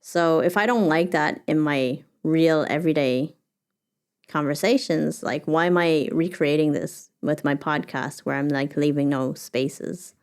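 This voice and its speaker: Woman podcaster, low smooth voice, rambly, lots of "like" and restarts. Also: steady tone, unhurried. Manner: thinks aloud with many fillers and restarts. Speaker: podcast host. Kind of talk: reflective solo podcast monologue.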